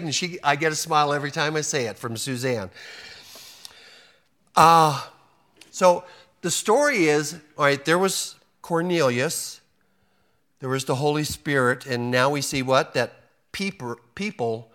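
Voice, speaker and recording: A pastor with a slightly high, somewhat bright voice preaches to a congregation. He's folksy and joking, acts out quotes, and often restarts his sentences.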